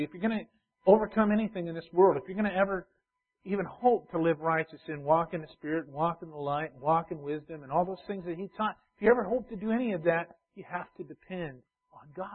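Man preaching, high voice, repeats phrases, builds intensity, tinny phone-like audio. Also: slightly rough. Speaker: pastor. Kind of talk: sermon.

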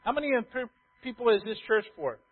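A man's voice: sits high, very animated, fairly quick, husky. Man preaching a sermon over a tinny line. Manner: swings from quiet asides to loud emphatic passages, asks the congregation questions. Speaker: pastor. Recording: tinny phone-like sound.

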